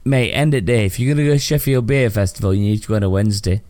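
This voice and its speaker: A man's voice: lowish voice, racing, darkish tone, no room sound. A tipsy man hosting a casual podcast, swearing and laughing a lot as he rants. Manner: rowdy, swearing, laughing often. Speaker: podcast host.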